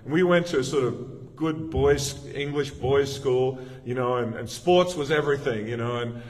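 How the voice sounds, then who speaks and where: A middle-aged male pastor giving a sermon in a conversational, storytelling way, often restarting his sentences. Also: mid-range voice. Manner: conversational, anecdotal preaching with frequent restarts. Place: church. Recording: long reverb of a church hall.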